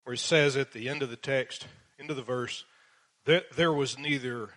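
A man's voice: medium pitch, normal speed, fairly bright tone. A man preaching a verse-by-verse Bible sermon in a church, earnest and emphatic, reading scripture in old King James English.

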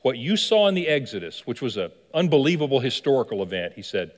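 A man's voice: medium pitch, big pitch swings, fast talker. A man preaching a sermon as pastor, telling a story animatedly and asking the listeners questions. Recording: long hall reverb.

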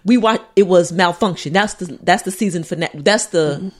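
A woman co-hosting a casual chat show, playful and animated, repeating lines for emphasis. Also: lowish voice, normal speed. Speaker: podcast co-host.

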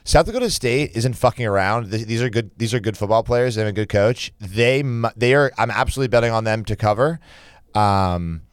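A man's voice: lowish voice, a little fast, clean tone, no room sound. Rambling young man talking football picks. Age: young adult. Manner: rambling, restarts sentences. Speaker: podcast co-host. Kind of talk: casual sports betting chat.

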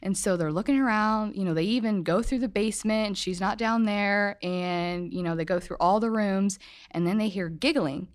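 A woman's voice: medium pitch, normal speed. A woman telling a ghost story at a live podcast show in a meandering, self-correcting way. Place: hotel event room, live show.

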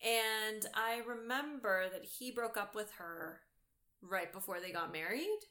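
A woman's voice: mid-range voice, animated, unhurried, pushed and bright. A woman co-hosting a casual talk show, making dry, wry remarks. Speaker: podcast co-host. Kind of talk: casual chat.

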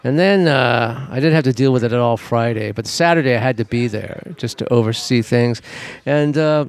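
A man co-hosting a podcast, telling stories in a casual, animated way and swearing freely. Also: medium pitch, normal speed. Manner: profane, animated, laughing while telling stories. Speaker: podcast co-host. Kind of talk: casual storytelling chat.

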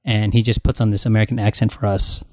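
A man co-hosting a casual podcast about movie and TV news, talking in animated, jokey rants with plenty of swearing. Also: on the low side, fast, no echo. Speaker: podcast co-host. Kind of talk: casual chat.

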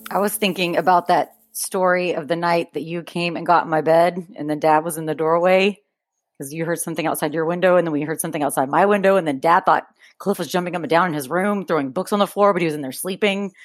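A woman, co-hosting a podcast and telling a story with lively, acted-out quotes. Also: fast talker, no echo. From Texas. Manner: animated storyteller, acts out quotes with big pitch jumps. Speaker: podcast co-host. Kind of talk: casual chat, storytelling.

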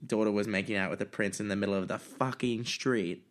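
A young man co-hosting a podcast in relaxed, casual conversation. He sounds wry, laughs easily and drops the odd swear word. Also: lowish voice, a little fast. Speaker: podcast co-host. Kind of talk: casual chat.

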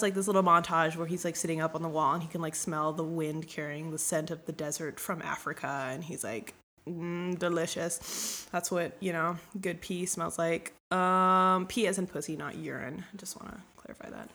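A young woman with a slightly low voice recaps a story in a loose, irreverent comic style. She is crude and offhand, and she keeps breaking into quick character voices. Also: sharp tone. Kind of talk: casual comedic book recap.

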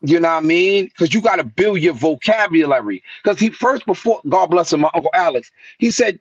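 A man tells his stories in a lively way, higher-pitched than most men, and jumps up in pitch whenever he quotes someone. His voice comes through a dull, lo-fi web call with a dry, close sound. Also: brisk, hardly any pauses, slightly rough, no room sound. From New York. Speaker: guest rapper. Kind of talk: casual storytelling interview. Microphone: remote call mic.

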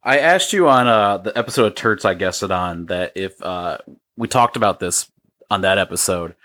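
A man's voice: low voice, animated, moderate pace, pushed and bright. A man co-hosting a podcast, asking easygoing questions in casual conversation. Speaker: podcast co-host.

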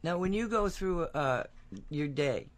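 A woman's voice: low-pitched, expressive, a little slow. A woman hosting a spiritual radio show, chatty and self-deprecating, asking her guest open questions. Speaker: radio host. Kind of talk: casual interview chat.

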